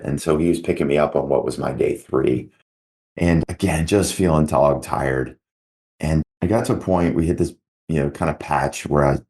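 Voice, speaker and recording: A middle-aged man with a very deep, gravelly voice talks through his own stories in a relaxed motivational chat. He rambles, with plenty of "like" and "you know" along the way. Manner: conversational storytelling with many fillers. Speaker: podcast host. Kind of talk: casual motivational talk.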